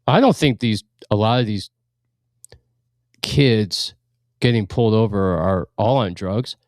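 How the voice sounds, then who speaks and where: A man's voice: fairly low pitch, a little slow, dry recording, clean studio sound. A man co-hosting a radio show in casual chat, blunt and opinionated, laughing now and then as he talks. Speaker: radio co-host.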